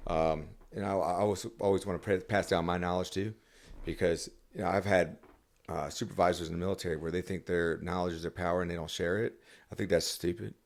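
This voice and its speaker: A man's voice: low voice, steady tone, fairly quick. A man talking as a songwriter guest on a podcast, rambling casually with many restarts and fillers.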